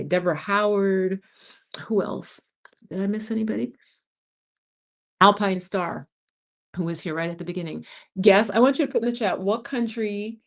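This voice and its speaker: Older american lady on a livestream, lowish voice, chatting with the chat and doing everyone's lines. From United States. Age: over 50. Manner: animated storyteller, acts out other people's lines. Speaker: livestream host. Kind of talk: casual live-chat talk to viewers.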